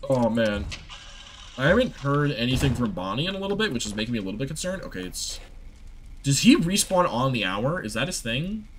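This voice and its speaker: A man's voice: mid-range voice, big pitch swings, a little fast, a little hiss or hum. A young man giving rambling, exasperated live commentary while he streams a game and talks to his chat.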